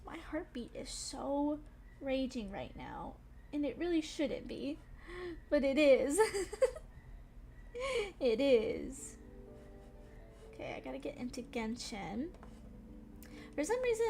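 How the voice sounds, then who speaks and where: A woman's voice: sits high, big pitch swings, slow, gravelly, long pauses, a little mellow, faint music behind. A young woman streaming games, chatting casually and rambling, still shaken and breathless after a scary game. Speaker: gaming streamer. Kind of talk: casual live-stream chat.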